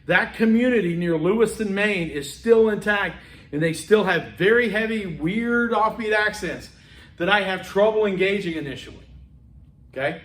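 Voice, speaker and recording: A man's voice: high-pitched, moderate pace, a bit bright. A man giving a classroom lecture in a conversational way, acting out bits of dialogue and checking in with frequent okays, heard in an echoey room from a distant mic. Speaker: college instructor.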